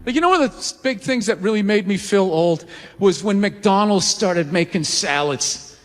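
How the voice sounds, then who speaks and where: A man in his forties doing a profane stand-up routine, ranting and shouting his punchlines. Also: high-pitched, lively intonation, normal speed, over music. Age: 40s. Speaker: stand-up comedian. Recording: live hall with crowd laughter and noise.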